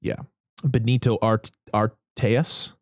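A man's voice: medium pitch, steady tone, takes it slowly, no room sound. Guy casually recapping a movie on a podcast, laughs a lot, dry close sound. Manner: laid-back, laughs often, acts out characters' lines. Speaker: podcast host recapping a film. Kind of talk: casual chat.

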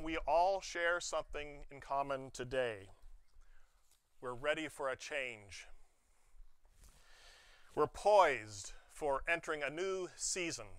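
Bright high-voiced male preacher. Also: dry recording. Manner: expressive preaching with playful asides. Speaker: pastor. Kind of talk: sermon. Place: church sanctuary.

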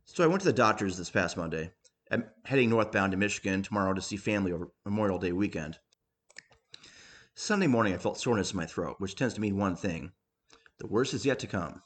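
A man's voice: low voice, lively intonation, fast talker, slightly rough. A man reading humorous writing aloud in a dry, matter-of-fact way. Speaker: reader.

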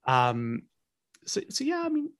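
A man's voice: extremely high pitch, wildly swooping pitch, measured pace, a bit bright. A man from Cornwall, chatting as an interview guest in a thoughtful, hesitant way with many restarts. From Cornwall, England. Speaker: podcast guest, English coach. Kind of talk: casual interview chat.

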